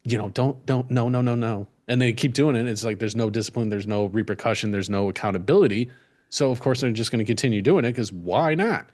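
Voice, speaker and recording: A man's voice: medium pitch, a little fast, darkish tone. A man co-hosting a podcast, talking in a laid-back, profane, easygoing way. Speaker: podcast co-host. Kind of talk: casual crude podcast banter.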